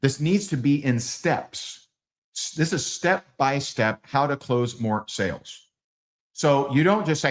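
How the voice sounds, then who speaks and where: A man leading a live sales training, acting out both sides of sales calls in lively quoted dialogue. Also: mid-range voice, unhurried.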